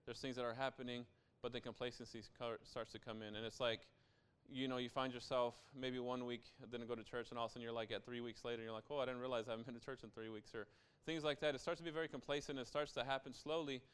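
A man's voice: medium pitch, steady tone, fast talker, few pauses, fairly bright tone, clean tone. A young adult man preaching a sermon as pastor, in a conversational style with frequent asides to the listeners.

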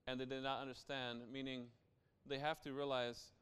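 Young male pastor, very clear resonant voice, casual conversational sermon with frequent asides. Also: mid-range voice, little pitch movement, normal speed, fairly bright tone.

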